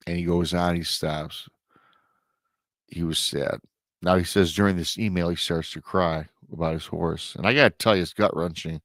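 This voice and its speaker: Deep-voiced man retelling a listener's story. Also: steady tone, normal speed, fairly bright tone, no echo, studio quality. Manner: dramatic retelling with emotional asides, swells and drops in volume. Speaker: host reading listener accounts. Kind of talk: storytelling podcast narration.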